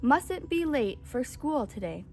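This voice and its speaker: A woman reading aloud and voicing a kind, friendly female school bus, gentle and reassuring. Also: sits high, very animated, slow, soft background music, full character voice. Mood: kindly.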